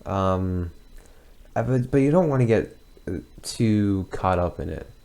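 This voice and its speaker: A young man with a deep voice and plenty of gravelly fry, thinking aloud as he reacts to an old video of his own. He hesitates often and circles back on himself as he talks. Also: animated, dark tone. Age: young adult. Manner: hesitant and rambling, with many pauses and restarts. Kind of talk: casual reaction commentary.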